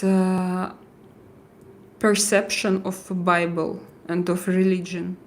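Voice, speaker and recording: Slow, halting woman on a livestream. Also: mid-range voice, steady tone, a little mellow. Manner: hesitant, halting, many fillers and restarts. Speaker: livestream host. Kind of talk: casual live chat.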